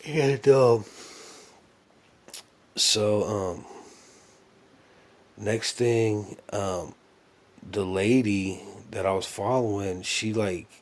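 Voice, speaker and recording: Lowish man rambling through a dream story. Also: very slow, long pauses. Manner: rambling, many fillers and restarts; earnest, reflective.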